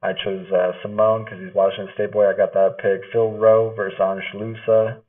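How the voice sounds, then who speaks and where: A man giving a casual, rambling fight recap monologue, relaxed and swearing now and then, recorded on a built-in device mic. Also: lowish voice, moderate pace, recorded from a distance. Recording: lo-fi tinny audio, away from the mic.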